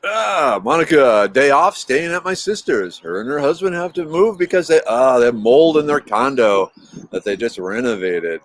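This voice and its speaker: A man's voice: mid-range voice, animated, normal speed, no room sound. Rambling man chatting outdoors. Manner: rambling, laughs easily. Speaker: livestream host reading chat. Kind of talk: casual chat and storytelling. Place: outdoors in a yard.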